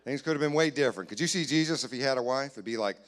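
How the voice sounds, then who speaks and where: A man doing a stand-up comedy set in a church, playfully acting out both sides of conversations with loud put-on voices. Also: medium pitch, rapid-fire. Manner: playful, jumps to loud acted voices for his wife and himself. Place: church sanctuary, live audience.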